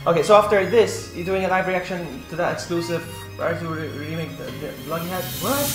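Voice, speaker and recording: A man's voice: high voice, quick pace. A man from Malta hosting a live stream in casual chat, laughing often and rambling through his sentences. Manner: giggly, rambling, jokey. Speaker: streamer host. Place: home streaming setup, indoors. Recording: roomy room with music behind.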